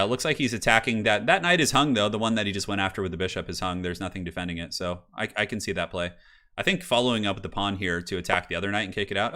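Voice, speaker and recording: Fairly low-pitched and sharp in tone, a man chats his way through a chess match on a live stream. Jokey and casual, he replies to chat, uses loose fillers and swears from time to time.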